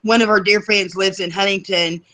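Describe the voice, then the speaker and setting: A woman's voice: mid-range voice, fairly even intonation, moderate pace, pushed and bright. Chatty Southern woman who laughs a lot. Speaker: co-host. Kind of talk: casual chat.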